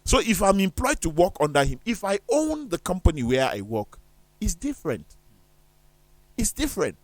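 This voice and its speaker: A man's voice: high voice, huge pitch swings, brisk, no room sound. A man talking on a studio discussion show in an emphatic, preacherly way, firing off rhetorical questions.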